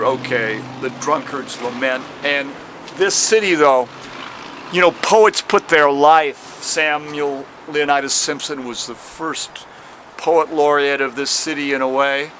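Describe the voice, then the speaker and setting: An older man, a street poet outdoors at a city train station, rambling and swearing in an impassioned rant and reciting verse slowly and dramatically. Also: fairly high pitch, a bit bright, slight background noise. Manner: profane, rambling, impassioned ranting.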